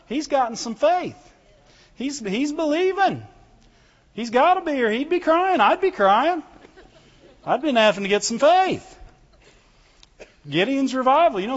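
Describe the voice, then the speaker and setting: A male preacher giving a fervent sermon to a congregation, calling out for amens and reading scripture in old biblical wording. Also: extremely high pitch. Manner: fervent, calls out for amens and glory to God. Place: church hall before a congregation. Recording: echoey hall, dull lo-fi sound.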